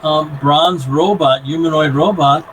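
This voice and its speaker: A man running a tabletop game as game master, describing scenes in an unhurried, deliberate way. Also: on the high side, fairly even intonation. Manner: describes scenes slowly and deliberately, often laughing. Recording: noisy online call recording.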